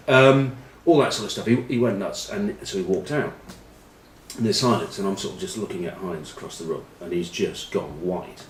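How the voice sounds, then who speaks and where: A man's voice: low-pitched, moderate pace, a little hiss or hum. Wry man telling a story. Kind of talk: after-dinner anecdote. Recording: roomy, distant mic, faint ambience.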